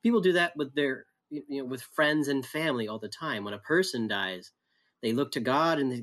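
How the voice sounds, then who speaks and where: A man's voice: mid-range voice, fairly quick, a bit bright. A man in a conversational Bible study, reflective and thinking aloud with frequent restarts. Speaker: pastor.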